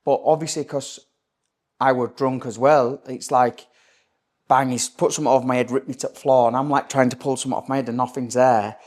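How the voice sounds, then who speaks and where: A young Yorkshire man talks as a podcast guest, recounting his own story in plain, blunt words. He swears freely and keeps checking in with "do you know what I mean" and "mate." His voice sits at an everyday male pitch. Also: fairly even intonation, fairly quick, darkish tone. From Leeds area, England. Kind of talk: candid personal storytelling.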